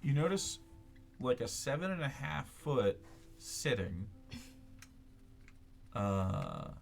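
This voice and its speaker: A man's voice: mid-range voice, big pitch swings, slow, vocal fry, faint music behind. A man narrating a tabletop game as game master, laid-back and full of filler words.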